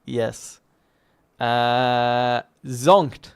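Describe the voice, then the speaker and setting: A man's voice: medium pitch, very slow, gravelly, smooth. An Australian man co-hosting a podcast, chatting casually and joking, laughing often. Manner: jokey, lively, laughs often. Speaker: podcast co-host. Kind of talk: casual chat.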